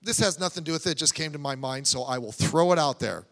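Speaking quickly and with a creaky edge, a male pastor delivers a sermon in a high, bright voice. His approach is conversational and loose, full of asides and restarts. Long reverb from the church sanctuary lingers behind him.

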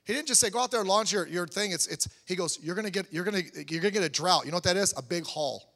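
A man preaching a sermon in a conversational, animated way, building to emphatic peaks. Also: high voice, fast. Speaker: pastor. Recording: long hall reverb.

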